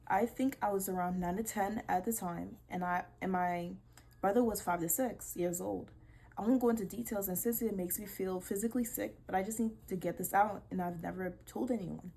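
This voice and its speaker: A young woman hosting a casual vlog, reading posts aloud and reacting with animated disbelief and swearing. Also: mid-range voice, a little fast, gravelly, slightly rough. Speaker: video creator.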